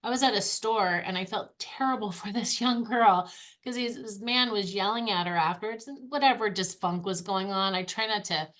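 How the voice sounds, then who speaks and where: A woman's voice: mid-range voice, normal speed, a bit bright. A woman with a mid-range voice chats as a guest on a podcast. She speaks in an affirming, reflective way about energy and the spirit. She often restarts her sentences as she gathers her thoughts. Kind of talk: casual conversational podcast chat.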